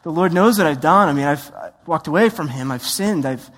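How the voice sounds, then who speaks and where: A high-voiced man preaching with lively, conversational energy, slipping into acted-out voices and quick asides. His voice rings out in a large hall with a long reverb tail. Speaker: pastor. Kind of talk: sermon.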